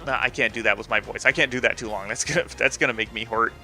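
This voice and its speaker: A man's voice: mid-range voice, fast, sharp tone. A young man casually commenting on a game he is playing, joking and rambling with lots of fillers. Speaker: let's play host.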